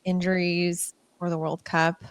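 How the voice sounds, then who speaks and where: An American woman hosting a podcast, asking questions and responding with quick affirmations. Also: lowish voice, level tone, clear, resonant tone, no room sound. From United States. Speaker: podcast host. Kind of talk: casual interview chat.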